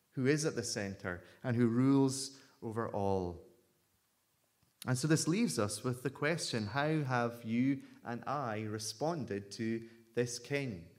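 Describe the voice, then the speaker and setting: A man delivers a sermon at a slow, deliberate pace. His voice sits in an ordinary middle pitch, and he speaks with emphatic, measured weight. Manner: measured, emphatic preaching with a story read aloud. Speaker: preacher.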